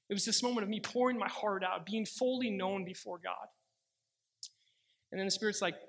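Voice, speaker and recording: A young man giving a sermon, telling a personal faith story earnestly and slowing down for the prayers he quotes. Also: high-pitched, fairly even intonation, creaky, fairly bright tone. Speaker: pastor.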